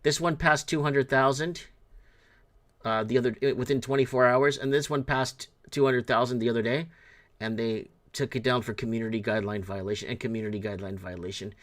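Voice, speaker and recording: A man's voice: medium pitch, steady tone, a little fast, fairly bright tone. A middle-aged man hosting a livestream show, talking casually in a rambling, blunt way and swearing freely.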